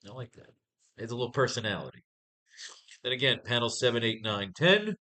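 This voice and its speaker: Bright-voiced man teaching comic writing. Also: mid-range voice, expressive, brisk. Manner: casual and profane, muttering script lines to himself. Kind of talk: casual live writing class, thinking aloud.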